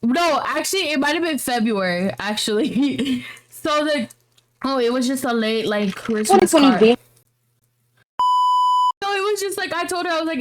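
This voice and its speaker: Animated young woman telling a story. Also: sits high, normal speed, pauses often. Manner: animated, swearing, slangy retelling. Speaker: podcast co-host. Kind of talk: casual storytelling chat.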